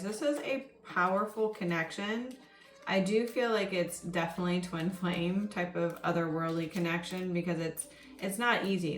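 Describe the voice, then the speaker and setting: Woman, tarot reader, chatty and rambling, deep for a woman, echoey room. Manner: chatty and rambling, many ums and you-knows. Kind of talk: casual spoken tarot reading. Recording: roomy echo with faint music underneath. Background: faint background music.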